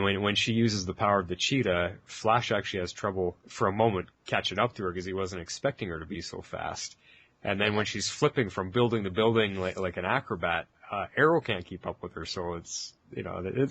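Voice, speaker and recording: A man co-hosting a casual podcast, easygoing, asking questions and chiming in with quick agreement. His voice is very deep and slightly husky. The sound is dry and close. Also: fairly bright tone, no room sound. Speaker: podcast co-host. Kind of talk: casual chat.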